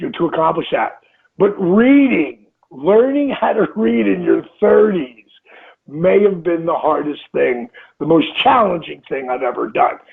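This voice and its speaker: Heard through a tinny, phone-like line, a motivational interview guest in his sixties talks emphatically, repeats phrases, and voices his inner thoughts aloud. His voice sits high, creaky and breathy-edged.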